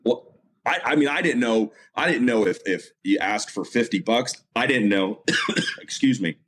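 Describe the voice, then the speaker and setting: Here a male motorsport announcer, guesting on a relaxed interview, spins a tale at a moderate pace in a medium-pitched voice. His telling is lively and cluttered with fillers, restarts and repeated phrases.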